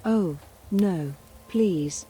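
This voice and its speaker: A woman voicing a middle-sized male billy goat, a little shaky but steady, from a storybook in soft whispered role-play. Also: on the low side, extremely slow, husky, exaggerated voice, rough recording. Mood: nervous pleading.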